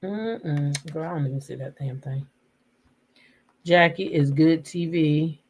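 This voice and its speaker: Low-voiced woman chatting casual gossip. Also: darkish tone, slight background noise. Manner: chatty, drawn-out humming and fillers. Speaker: host.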